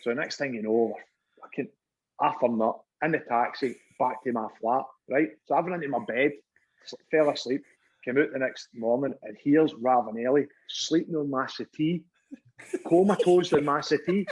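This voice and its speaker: A man's voice: medium pitch, moderate pace, husky, rough recording. A middle-aged Scottish man, a former footballer, telling stories in casual chat, laughing and swearing often. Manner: laughing, swearing, animated anecdote-teller.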